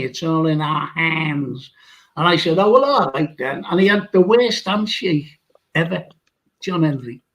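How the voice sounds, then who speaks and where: A man's voice: on the high side, low-quality recording. A man, hosting a podcast and telling a rambling anecdote, often laughing as he talks. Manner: rambling storyteller, laughs while talking. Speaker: podcast host.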